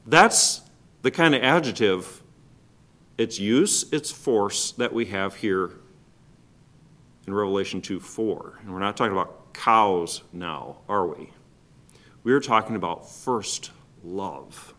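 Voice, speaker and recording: A man preaching a sermon as pastor, asking the congregation rhetorical questions and swinging between loud stressed words and quiet drops. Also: lowish voice, slow, long pauses.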